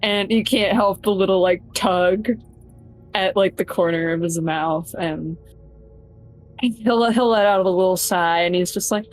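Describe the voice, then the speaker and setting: A woman playing her character in a tabletop game, talking slowly and thoughtfully about him, with bursts of loud laughing exclamations. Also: medium pitch, soft background music, rough recording.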